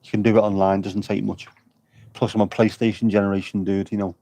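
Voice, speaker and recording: A man's voice: fairly low pitch, little pitch movement, brisk, creaky, mellow. A man livestreaming from an outdoor air show, rambling and joking with his chat. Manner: jokey, rambling banter with chat.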